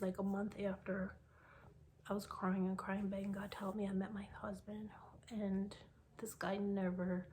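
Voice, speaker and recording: A woman around forty telling a personal faith testimony in a soft, often half-whispered voice, halting with many fillers. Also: mid-range voice, slight background noise. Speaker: vlogger sharing a faith testimony.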